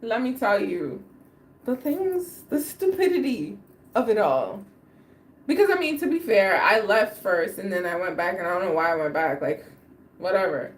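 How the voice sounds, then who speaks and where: A woman's voice: medium pitch, very animated, moderate pace, a little hiss or hum. A woman hosting a livestream, telling a personal story in casual slang and laughing often. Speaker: livestream host.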